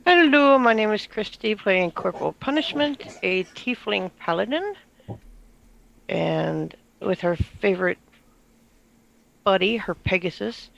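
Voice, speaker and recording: A woman's voice: medium pitch, unhurried, creaky, a bit bright. A woman introducing herself as a player in a tabletop game with a brief, friendly introduction. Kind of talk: casual chat on a live stream. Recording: muffled lo-fi mic, faint background noise.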